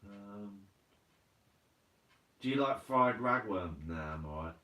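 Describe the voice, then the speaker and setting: Host type, guy, low-ish voice, easygoing and chatty, mic set back in an echoey room. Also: lively intonation, slow, sharp tone. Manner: laid-back, chatty, laughs often, says mate a lot. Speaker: live stream host. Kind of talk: casual live chat reading viewer comments. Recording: roomy sound from a distant mic.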